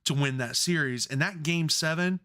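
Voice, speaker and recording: A man's voice: on the high side, normal speed, pushed and bright. A man co-hosting a sports podcast, chatting casually, rambling and swearing freely when worked up. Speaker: podcast co-host.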